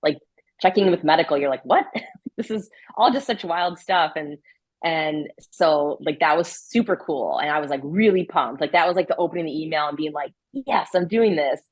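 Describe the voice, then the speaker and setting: A low-pitched woman talks through a casual interview in a loose, chatty way. She leans on fillers and breaks into laughs often, and her voice sounds dry and close to the mic. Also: moderate pace, slightly rough, dry recording, poor audio. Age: adult with a grown daughter. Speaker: interview guest, ultrarunner.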